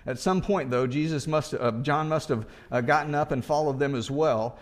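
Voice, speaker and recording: A pastor delivers a sermon conversationally, posing rhetorical questions and often restarting as he thinks aloud. His voice is fairly high, at a moderate pace.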